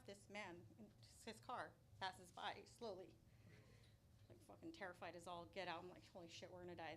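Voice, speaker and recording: Performing before a live crowd in a small restaurant venue, this woman from Albuquerque, New Mexico shares a true story of her own. She speaks at a medium pitch, animated and often laughing, with loud theatrical outbursts, and faint room noise sits beneath the recording.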